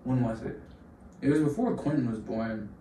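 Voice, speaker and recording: A man's voice: medium pitch, normal speed, dark tone. A young man in casual podcast chat, telling long fired-up stories full of slang. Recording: roomy room, distant mic, faint hum.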